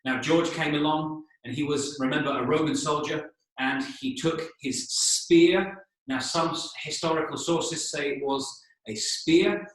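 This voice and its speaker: A male English teacher with a fairly high voice tells a story for learners. He explains patiently, spells out words and keeps checking in with "okay?", in a very echoey room with the mic set back from him. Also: unhurried. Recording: echoey room, voice a bit distant.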